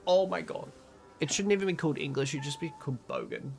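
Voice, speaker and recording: A man's voice: fairly high pitch, fast, vocal fry. A man from Australia with an Australian accent, casually chatting and swearing while streaming a game and reading out chat.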